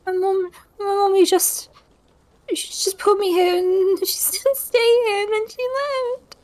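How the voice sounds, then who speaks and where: Frightened little child for a tabletop game, a woman doing it, pitched way up and tearful. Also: flat delivery, a little slow, a little mellow. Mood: pleading. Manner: high, pleading and tearful.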